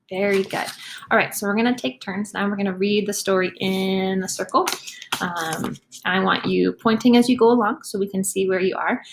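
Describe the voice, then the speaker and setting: A woman teacher leads young students through a reading lesson. She, speaks at a middle pitch, and slows down to sound out words clearly while praising each child. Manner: encouraging, slow and clearly sounded out.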